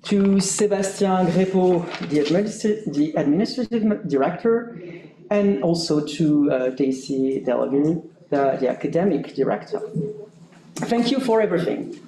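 A man's voice: fairly high pitch, lively intonation, measured pace, warm tone. A man introducing a lecture and thanking organizers, hesitant and full of fillers. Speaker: event organizer introducing the speaker. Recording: echoey room with faint noise.

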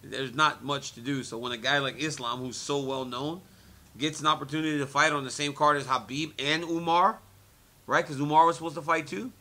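Brisk and fairly high-pitched, this interviewee is a former fighter and commentator in his forties. He's an animated storyteller in a media interview, frequently laughing and circling back to the same phrases.

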